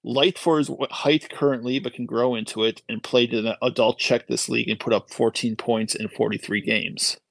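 A man's voice: medium pitch, steady tone, normal speed, vocal fry, hardly any pauses, fairly bright tone, no echo, rough recording. A man co-hosting a casual hockey podcast, reading out listener posts and weighing trades in detail. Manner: reads listener posts, analytical. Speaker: podcast co-host. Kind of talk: casual sports podcast chat.

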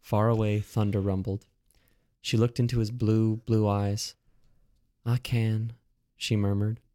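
A man's voice: on the low side, flat delivery, normal speed, warm tone. A man co-hosting a comedy podcast, reading a parody romance aloud and chatting playfully, swearing casually. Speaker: podcast co-host.

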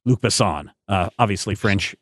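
A man's voice: fairly low pitch, animated, moderate pace, fairly bright tone, husky, no room sound, clean studio sound. A man hosting a podcast in casual talk, rambling and thinking aloud with many fillers. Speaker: podcast host.

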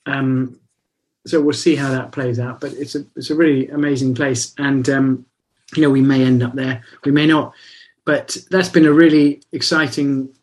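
A man's voice: medium pitch, level tone, normal speed. A man in casual conversation, telling rambling, reflective stories. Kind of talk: casual chat.

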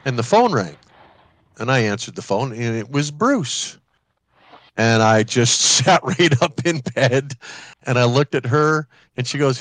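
A podcast co-host casually tells a ghost story, acting out the voices of the people in it with lively energy. When excited he often restarts and repeats words, speaking unhurriedly in a mid-range voice.

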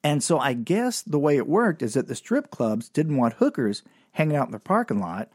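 A man's voice: moderate pace, no echo, studio quality. A man telling a rambling, self-mocking comic story in a monologue. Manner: rambling, self-mocking, with animated swings in pitch. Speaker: comedian and storyteller.

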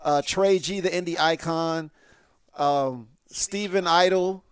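Podcast host guy, kinda high voice, chill interview chat, dry close sound. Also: slow pace, clear, resonant tone, dry recording.

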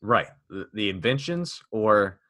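A man's voice: on the low side, expressive, unhurried, sharp tone, no room sound, clean studio sound. A man hosting a casual podcast chat, joking and rambling with many restarts. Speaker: podcast host.

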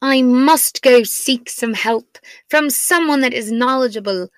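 A woman's voice: a little high, a little slow, no echo, natural voice. A woman voicing a prim, overly proper imagined version of herself with a put-on British accent, partly whispered. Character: posh imagined British-sounding smart mom.

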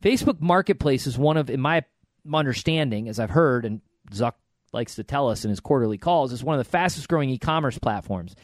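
A man's voice: medium pitch, expressive, brisk, no echo. A middle-aged man co-hosting a podcast, telling stories and giving encouraging advice in a casual way with frequent restarts.

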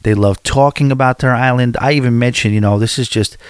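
A man's voice: mid-range voice, steady tone, a little fast, clean tone, no echo, studio quality. A man from the United States telling a travel story to his viewers in a casual, rambling, candid way.

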